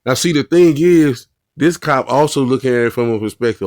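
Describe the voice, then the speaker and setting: A man talks through bodycam footage in a casual, earnest way, repeating himself and restarting sentences. His voice sits at a middle pitch. It is recorded dry and close. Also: a little fast, darkish tone, no echo. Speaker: host of a bodycam commentary show. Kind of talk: casual video commentary.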